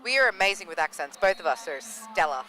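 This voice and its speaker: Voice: medium pitch, big pitch swings, a little fast, bright, forceful tone. A co-commentator with an Australian accent, playful and jokey, calling a roller derby game live. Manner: playful, jokey, laughs often.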